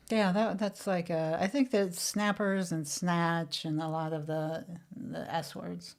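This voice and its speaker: A woman's voice: lowish voice, steady tone, slow pace. A woman co-hosting a podcast in casual chat, playful and teasing, laughing often. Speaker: podcast co-host.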